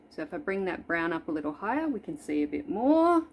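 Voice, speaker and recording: A woman's voice: on the low side, big pitch swings, brisk, a little mellow. A woman in her forties chatting through a makeup tutorial at home, playful and self-deprecating. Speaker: makeup vlogger. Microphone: camera in front of her.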